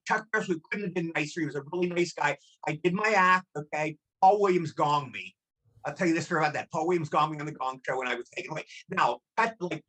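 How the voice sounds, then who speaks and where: A man's voice: fairly high pitch, pushed and bright. A man in his sixties, a guest actor telling rambling anecdotes in a casual interview and repeating himself.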